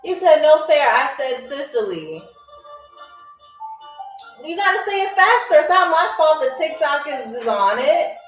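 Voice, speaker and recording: High-voiced chatty woman hosting a live quiz. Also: very animated, unhurried, long pauses, soft background music. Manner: chatty, upbeat, reads out viewer comments. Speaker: game show host. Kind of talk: livestream trivia hosting. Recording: roomy echo, heard from a distance.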